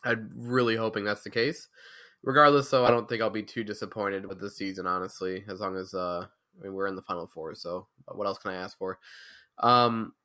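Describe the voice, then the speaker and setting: A man's voice: on the low side, steady tone, fairly quick, bright, forceful tone. A man co-hosting a sports podcast, chatting casually and rambling through a fan's basketball breakdown with some sarcasm. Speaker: podcast co-host.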